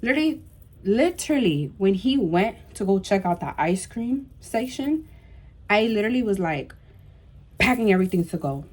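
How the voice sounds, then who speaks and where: Animated young woman telling a story. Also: medium pitch, normal speed. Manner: animated, fillers of "like" and "bro", emphatic repetition. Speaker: vlogger. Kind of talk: storytime vlog.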